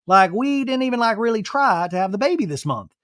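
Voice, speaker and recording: A man putting on a high, whiny reality-show wife. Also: sing-song, a little fast, a bit bright, dry recording, clean studio sound. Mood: upset. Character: emotional young woman from a reality show.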